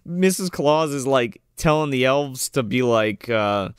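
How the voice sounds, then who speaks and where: A man's voice: medium pitch, expressive, a little slow, clear, resonant tone, no room sound, studio quality. A man casually riffing on an old movie with friends, swearing, laughing and acting out characters in silly voices. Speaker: podcast co-host.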